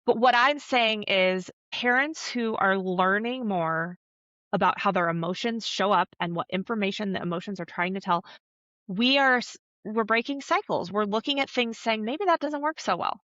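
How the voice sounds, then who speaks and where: A woman's voice: mid-range voice, moderate pace, fairly bright tone, no echo. Woman coach talking it through on a podcast, medium voice, dry dull audio. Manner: earnest, coaching, acts out little quoted voices. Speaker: somatic coach, podcast guest. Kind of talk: explanatory interview talk.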